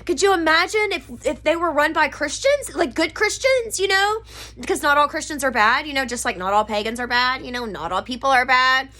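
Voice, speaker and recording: Woman vlogger, slightly high voice, earnest rambling talk to a home camera, lots of ums. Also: animated, a little fast, pushed and bright. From Pasadena, Texas, USA. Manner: rambling, many fillers, earnest and emotional. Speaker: occult vlogger. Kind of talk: casual rambling monologue to camera. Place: living room at home. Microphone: camera mic.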